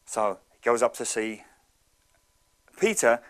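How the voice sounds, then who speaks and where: A man in his thirties giving a motivational talk, telling stories in an animated, conversational way. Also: mid-range voice, slow. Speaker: speaker.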